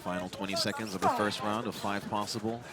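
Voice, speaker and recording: A man with a fairly low voice provides chatty commentary at a live cage fight in an open-air arena. He recalls past fights and lists fighters' techniques, with a loud crowd roaring behind him. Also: steady tone, fast. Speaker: MMA commentator.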